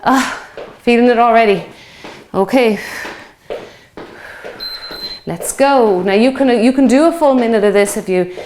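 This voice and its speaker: A woman's voice: on the high side, measured pace, long pauses, a little mellow, slight background noise. A woman in her fifties leading a workout, chatty and encouraging, counting reps aloud while out of breath from exercising along. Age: 50s. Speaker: fitness instructor. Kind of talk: guided workout instruction.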